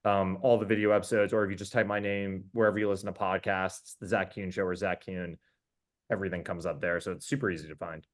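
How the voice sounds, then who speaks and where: Enthusiastic male podcaster telling stories. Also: deep voice. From New York. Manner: animated, enthusiastic storyteller with quick restarts. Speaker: podcast host being interviewed. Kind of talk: casual storytelling.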